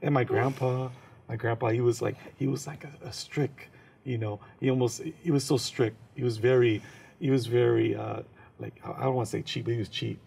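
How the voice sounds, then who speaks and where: A man from San Francisco, a comedian, telling comic stories as an interview guest in an animated, joking way. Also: mid-range voice, brisk, vocal fry, breathy edge. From San Francisco, USA. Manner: animated, jokes and slips into impressions.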